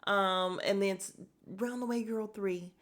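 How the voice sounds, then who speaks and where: A woman podcaster talks straight to her listeners in a loose, chatty recap, blunt and full of opinions. Her voice sits at an ordinary middle pitch for a woman, unhurried and conversational. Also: fairly even intonation. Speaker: podcast host. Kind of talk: casual reality-show recap.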